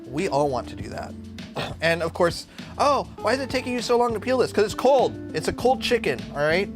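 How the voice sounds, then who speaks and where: A brash young man talks his way through a live cooking stream, swearing freely and drifting off topic. His voice sits a little high and swings widely up and down. Guitar music plays clearly under him. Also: sing-song, a little fast. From Arizona. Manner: brash, profane, jumps between topics.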